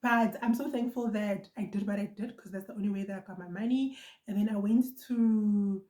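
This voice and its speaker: A young woman with a South African accent tells a personal story to her viewers in a casual, animated vlog style, talking fast in bursts and repeating lines for emphasis. Her voice is soft and mellow rather than bright, and it rings out in a roomy, echoey space. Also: medium pitch. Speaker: vlogger.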